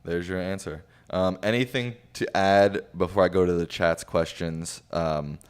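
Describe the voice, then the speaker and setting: Deep-voiced, smooth young-sounding man. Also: a little slow. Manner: casual, relaxed, with frequent fillers. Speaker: livestream host reading viewer questions. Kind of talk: casual livestream chat.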